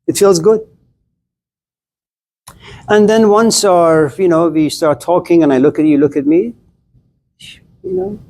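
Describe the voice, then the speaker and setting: A man's voice: fairly high pitch, warm tone. A middle-aged man giving a casual, blunt classroom lecture on philosophy, chatting straight at his students and acting out little scenes.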